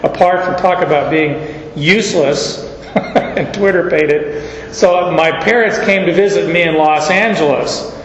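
An older man delivers a sermon, unpacking scripture and weaving in personal stories in an unhurried, folksy way. His voice sits a bit high and moves at a very slow pace. The recording is dull and roomy, carrying the long echo of a large church hall. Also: fairly bright tone. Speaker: pastor.

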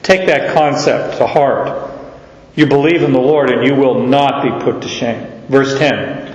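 A man preaching a verse-by-verse sermon as pastor, teaching slowly and haltingly, often repeating his words. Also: medium pitch. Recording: echoey hall, dull sound.

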